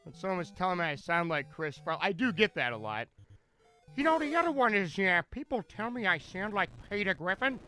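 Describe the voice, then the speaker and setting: High, bright-voiced joking streamer. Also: male voice, sing-song, fairly quick, faint music behind. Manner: rambling, jokey, stammering restarts. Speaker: speedrunner commentating his own run. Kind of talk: live stream commentary.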